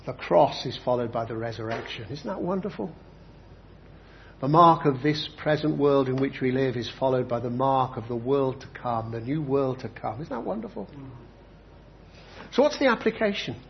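A man preaching a sermon with emphatic delivery, repeating key phrases slowly for effect. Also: medium pitch, expressive, vocal fry, slight background noise. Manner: emphatic, with slow dramatic repetitions. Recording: dull lo-fi recording.

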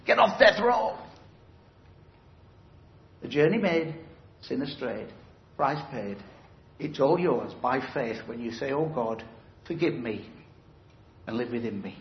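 A man's voice: mid-range voice, expressive, measured pace, long pauses, a little hiss or hum. Emphatic male preacher in roomy hall. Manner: emphatic, conversational, asks the audience questions. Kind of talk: evangelistic sermon. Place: church hall. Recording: roomy, slightly dull hall recording.

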